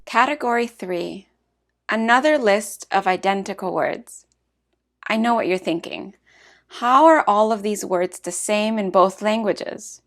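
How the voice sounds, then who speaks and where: A woman narrating a scripted language lesson with clear, measured explanations. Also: mid-range voice. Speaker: language teacher.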